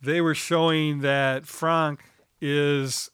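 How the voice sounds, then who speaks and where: A man's voice: fairly high pitch, little pitch movement, fairly bright tone, clean tone, dry recording, studio quality. A man co-hosting a podcast, chatting casually about a film with an easygoing manner. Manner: easygoing, quick agreeing interjections. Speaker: podcast co-host.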